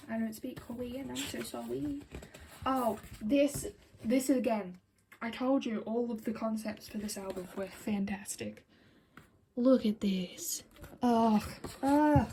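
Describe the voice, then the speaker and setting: Chatty giggly young woman, higher voice. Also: mellow, slight background noise, rough recording. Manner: chatty and giggly, drops into whispered asides; apologetic, rambling. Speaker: vlogger reviewing album collection. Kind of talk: casual chat to camera.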